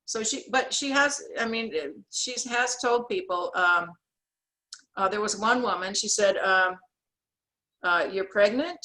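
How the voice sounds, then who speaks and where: A woman with a bright, clear-edged voice tells her story with animation. She acts out the people she quotes and restarts her sentences often. She is speaking as a guest over a video call. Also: mid-range voice, a little slow, rough recording. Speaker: guest, author and sketch artist. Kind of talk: storytelling in an interview.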